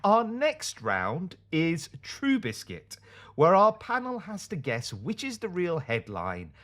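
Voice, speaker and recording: A man's voice: fairly high pitch, wildly swooping pitch, slow pace, fairly bright tone. A man hosting a comedy news podcast panel, playful and teasing his guests, laughing often. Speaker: podcast host.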